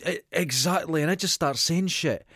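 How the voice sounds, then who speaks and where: A man's voice: a little high, moderate pace, no echo, studio quality. A man with a Dundee accent, a podcast co-host telling stories in casual chat, swearing freely. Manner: sweary, animated storyteller.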